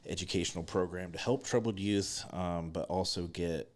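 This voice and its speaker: A young man from West Virginia, a podcast guest telling stories in a relaxed, cussing, casual way. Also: low-pitched, normal speed. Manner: laid-back storyteller, swears freely.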